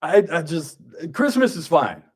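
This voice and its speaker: A man, hosting a radio show in a studio with joking, grumpy banter and quick asides. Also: fairly high pitch, very animated, a little mellow, slightly rough. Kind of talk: casual radio talk.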